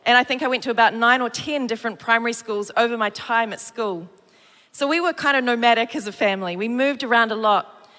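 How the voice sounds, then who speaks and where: New woman preacher, high bright voice, animated storyteller, reverberant hall. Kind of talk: sermon with personal story. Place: church hall.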